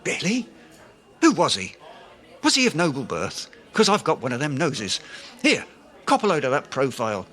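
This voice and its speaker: Brief: man voicing pompous, blustering wannabe author, bright, swoopy comic delivery. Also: medium pitch, huge pitch swings, normal speed, pauses often. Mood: bluffing. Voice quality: grandiloquent, blustering. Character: pompous self-deluded aspiring male writer. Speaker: comic lead. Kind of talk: comedy audio drama acting.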